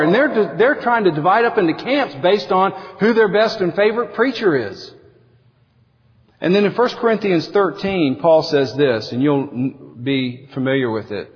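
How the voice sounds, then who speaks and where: Male pastor, high voice, animated sermon delivery, dull lo-fi sound with a long hall echo. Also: normal speed. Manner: animated preaching, voices quotes with big pitch swings.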